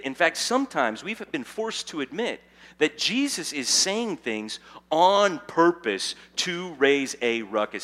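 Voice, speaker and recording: A man preaching a sermon as pastor, dropping to hushed asides and then building to loud, emphatic stretches. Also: medium pitch. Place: church sanctuary.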